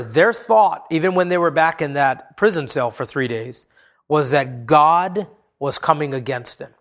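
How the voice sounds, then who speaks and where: A man preaching a sermon, telling the story expressively and dropping low and soft for emphasis. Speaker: pastor.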